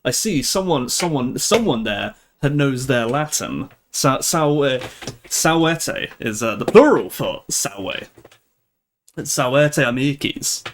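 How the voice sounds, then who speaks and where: Lively, chatty young man streaming. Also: medium pitch, a little hiss or hum. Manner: chatty, laughs often, halting restarts. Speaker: livestream host. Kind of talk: casual live-stream chat.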